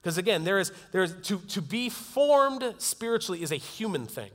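A man preaching a sermon in an earnest tone that moves from loud to hushed. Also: high-pitched, sing-song, moderate pace. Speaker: pastor. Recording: long hall reverb.

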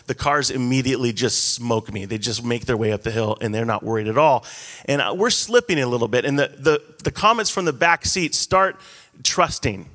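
A man's voice: mid-range voice, expressive, a little fast, fairly bright tone. A man in his thirties preaching a sermon, telling stories in a casual, self-deprecating, conversational way. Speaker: pastor. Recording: echoey hall.

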